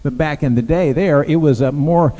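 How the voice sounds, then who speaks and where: A male pastor talks his way through a sermon in plain, conversational speech, stopping and restarting often. His voice sits a little high but sounds mellow and dark. A long reverb from the church sanctuary trails behind him. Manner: conversational, halting, many restarts.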